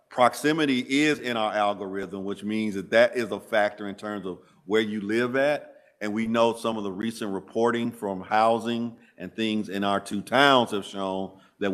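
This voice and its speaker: A man with a Southern US accent answering board members' questions at a public school meeting, measured and hesitant. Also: lowish voice. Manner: measured, hesitant with frequent uh fillers. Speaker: school district administrator.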